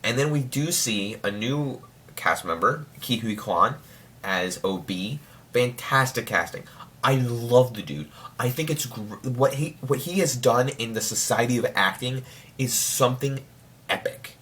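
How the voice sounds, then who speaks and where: A man's voice: mid-range voice, unhurried. A young man in casual chat, reviewing a TV show with lots of restarts and fillers, now and then breaking into mock voices. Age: young adult. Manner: rambling, many restarts and filler words; excitable, slips into mock voices.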